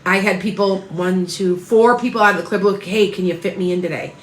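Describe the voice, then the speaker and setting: A woman's voice: medium pitch, brisk, roomy sound, a little hiss or hum, low-quality recording. A tired woman reading tarot, chatting casually and rambling on a livestream as she greets viewers by name. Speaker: tarot reader.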